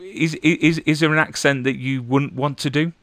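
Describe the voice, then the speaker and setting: A man's voice: fairly high pitch, fairly even intonation, moderate pace, a bit bright, dry recording. A young man hosting an interview in casual chat, stammering and repeating syllables as he talks. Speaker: interviewer host.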